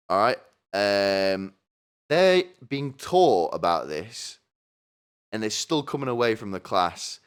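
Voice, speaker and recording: A man hosting a comedy podcast, ranting in a crude, sardonic way, swearing a lot and asking "right?" over and over. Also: lowish voice. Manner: asks the listener "right?" again and again. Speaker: podcast host. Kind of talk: comedic rant.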